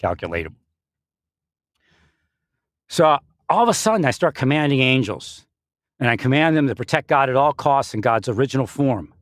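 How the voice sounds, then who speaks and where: A man's voice: medium pitch, big pitch swings, normal speed, long pauses, dry recording, studio quality. A man giving a rambling spiritual monologue, often breaking into laughter and restarting his sentences. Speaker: spiritual speaker.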